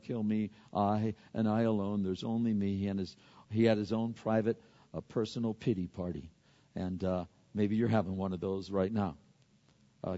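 A man preaching a sermon, swinging between loud emphatic peaks and quiet hushed asides. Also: medium pitch. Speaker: pastor. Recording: dull lo-fi sound with long hall reverb.

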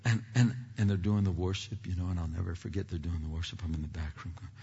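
A man preaching, a pastor telling a story in a self-deprecating, animated way with many restarts, recorded in a church sanctuary. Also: deep voice, fast talker, gravelly, breathy edge. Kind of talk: sermon storytelling. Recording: dull hall reverb, lo-fi.

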